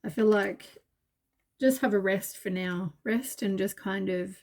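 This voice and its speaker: A woman's voice: mid-range voice, measured pace, darkish tone. A woman giving a casual tarot reading, tired and yawning, talking in a meandering way full of fillers and reassurances. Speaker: tarot reader.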